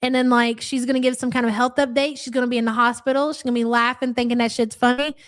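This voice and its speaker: A woman's voice: on the high side, level tone, fast talker, no room sound, clean studio sound. A woman with a Louisville accent hosting a live reaction stream, blunt, sarcastic and profane, reading chat messages aloud. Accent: Louisville Kentucky. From Louisville area, USA.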